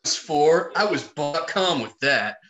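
A man's voice: fairly high pitch, slow, crowd noise. A man, a podcast guest who is an actor and comedian, telling funny stories in casual chat, swearing freely and acting out what people said. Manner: animated storyteller, swears freely, acts out quotes.

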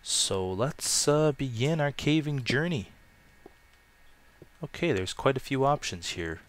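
A man casually commenting on his own gameplay, chatty and self-mocking, with loud excited outbursts. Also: medium pitch, takes it slowly. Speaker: let's play gamer.

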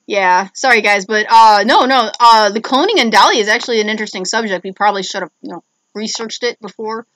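A high-voiced woman from Illinois, co-hosting a podcast in loose, casual chat. She swears freely and tells stories with a lively, bright, sharp edge to her voice. Her delivery is chatty and unguarded. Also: fast talker, no room sound. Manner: profane, chatty storyteller. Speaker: podcast co-host.

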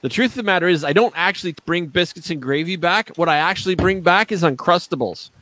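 A man in easy conversation, spinning little stories and breaking into laughter now and then. His voice sits a bit high, and the sound is close and dry, with no room around it. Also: animated, fast talker, fairly bright tone, dry recording. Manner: chatty storyteller, laughs easily. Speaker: guest panelist. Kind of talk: casual chat.

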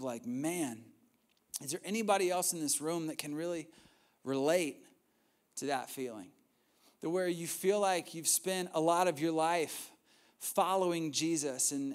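High-voiced young man preaching, animated. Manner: animated storytelling with voiced quotes and asides. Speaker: pastor. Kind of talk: sermon.

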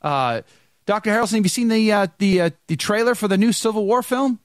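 A man's voice: high voice, expressive, fairly quick, dry recording, clean studio sound. A man hosting a live podcast, greeting viewers in the chat one by one by name before he brings in his guest. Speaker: podcast host.

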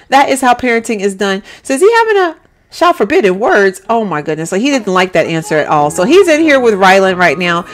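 A woman giving chatty, giggly let's-play commentary on a life-simulation game, talking straight to her viewers. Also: medium pitch.

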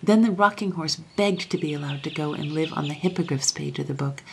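A woman with a low, gravelly voice reads a classic children's story aloud. Her delivery is soft, often slipping into a half whisper, with a faint hiss behind her. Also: fairly even intonation, brisk.

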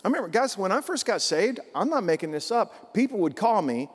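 A man's voice: high voice, very animated, a little fast, breathy edge, in a large hall. A man preaching a sermon as pastor, in a folksy, emphatic way full of rhetorical questions.

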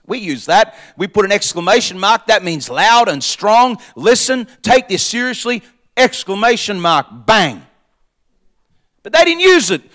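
A pastor delivers a sermon in a very high voice for a man. He repeats key lines for emphasis, rising to shouted points and then dropping to quiet, conversational asides. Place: church.

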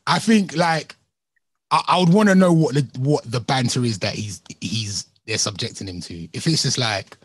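A man's voice: on the high side, big pitch swings, moderate pace, breathy edge, no room sound. A young man co-hosting a live chat show, heated and slangy, laughing often. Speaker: co-host of a live discussion stream. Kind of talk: casual chat.

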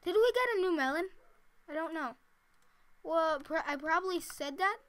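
A woman's voice: very high voice, animated, normal speed, fairly bright tone. A woman casually talking to herself while she plays a building game, chatty and giggly. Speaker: gameplay commentator. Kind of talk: casual let's-play commentary.

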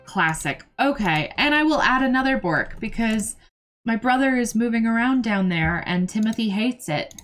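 A young woman streaming a game, chatting casually and excitably, swearing freely and talking to her chat and to the characters on screen. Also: a little high, moderate pace, faint music behind. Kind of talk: casual gameplay commentary.

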